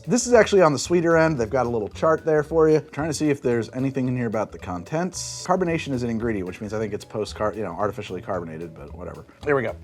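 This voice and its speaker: A man hosting a casual drink tasting review, wry and deadpan with frequent laughs. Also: medium pitch, fast, hardly any pauses. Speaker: host.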